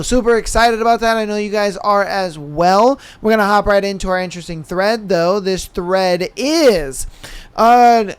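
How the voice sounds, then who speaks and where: Laid-back young guy, clear high voice. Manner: laid-back, says "bro" and "man" constantly; swears freely. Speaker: podcast host. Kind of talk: casual storytelling monologue.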